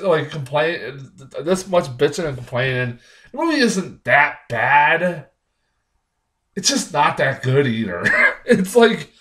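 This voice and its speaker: Young male reviewer, casual and profane, irritated, rambling with restarts and fillers, lively pitch. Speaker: movie reviewer.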